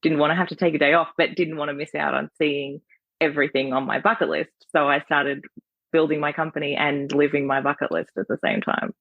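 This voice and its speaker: A woman's voice: deep voice, little pitch movement, brisk, no room sound. An Australian woman who is an entrepreneur, a guest in an upbeat interview who laughs often. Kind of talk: casual interview. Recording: gravelly voice over tinny phone-like line.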